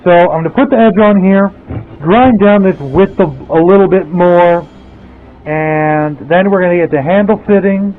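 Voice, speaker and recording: A man's voice: sits high, normal speed. A man talking through his work in a workshop, rambling and thinking aloud on a headset mic. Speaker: blacksmith vlogger. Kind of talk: casual workshop commentary. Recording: tinny phone-like sound, faint music.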